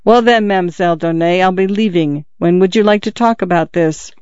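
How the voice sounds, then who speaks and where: A man's voice: sits high, fairly quick, a little mellow, clean tone, no room sound, lightly acted. A man voicing a shy, grieving young peasant son who speaks hesitantly and with embarrassment, in a dull lo-fi recording. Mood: awkward.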